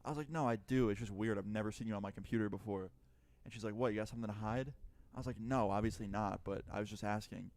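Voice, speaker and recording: With a fairly low, slightly mellow voice, this man talks fast as he relays a personal story in a chatty, foul-mouthed way. He performs both parts of the conversation in this casual storytime narration.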